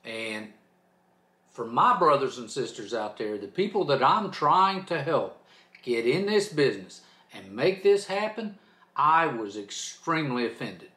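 A man of mid pitch hosts his own channel and talks off the cuff. He is fired up and preachy and leans hard on every point. His voice echoes around a roomy space. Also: very animated, measured pace, a bit bright. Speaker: trucking channel host. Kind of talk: off-the-cuff vlog rant.

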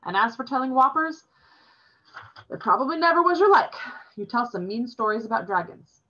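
A woman's voice: a little high, animated, normal speed, sharp tone, pitched above the performer's own voice. A woman voicing a stubborn, lofty American girl who talks with teasing confidence, on a dull lo-fi recording.

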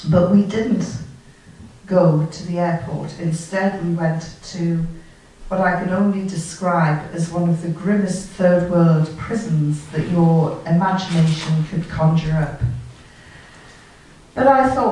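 A woman giving a storytelling talk, recalling events and acting out the dialogue in a lively way. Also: lowish voice, a little slow. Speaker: guest speaker. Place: lecture hall. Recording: far from the mic, very echoey hall.

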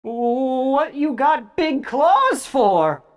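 A woman's voice: high-pitched, very animated, drawn-out words, pitched above the performer's own voice, exaggerated voice. A woman voicing a frightened young boy who asks stammering, timid questions.

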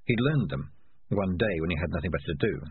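A man narrating an audiobook in an expressive reading voice. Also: sits low, fast, dry recording. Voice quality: husky. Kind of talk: scripted narration. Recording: lo-fi phone-like sound.

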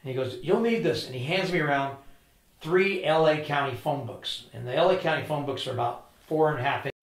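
A man's voice: fairly high pitch, fairly quick, roomy sound, poor audio. An older man telling a story in an interview, acting out each person's lines in turn. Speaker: interview guest. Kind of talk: storytelling with quoted dialogue.

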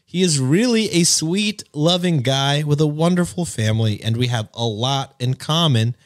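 A man's voice: fairly high pitch, normal speed. A man co-hosting a show, reading a post aloud with laughs and jokey asides. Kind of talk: casual reading and reacting.

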